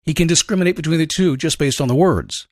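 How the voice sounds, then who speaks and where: A man hosting a motivational show, talking in an energetic, conversational way and acting out questions and a dog's thoughts. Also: fairly high pitch, quick pace, dry recording, studio quality. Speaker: motivational coach and podcast host. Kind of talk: upbeat motivational monologue.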